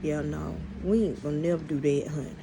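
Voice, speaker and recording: Speaking fairly quickly in a low voice with vocal fry, a channel host narrates a storytime vlog in a blunt, profane style, frequently talking straight to her viewers. She is animated and exclaims in outrage, and the background is noisy.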